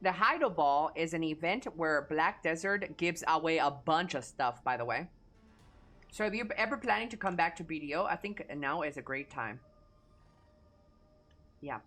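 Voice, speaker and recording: A woman's voice: low voice, animated, normal speed, a bit bright. A young woman streamer chatting casually with her live chat, reading messages aloud, answering offhand and swearing freely.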